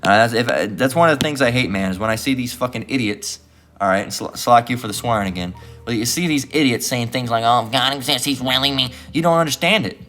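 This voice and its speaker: A man's voice: mid-range voice, expressive, fast, fairly bright tone, faint music behind. A man preaching and reading scripture in a heated, profane way, tagging nearly every phrase with "all right" and mocking the voices of his opponents. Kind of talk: street-style religious teaching.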